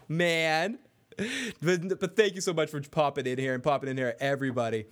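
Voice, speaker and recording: A man's voice: a little high, moderate pace. A man hosting a casual TV recap chat, swearing freely, reading chat aloud and acting out scenes. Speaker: podcast host.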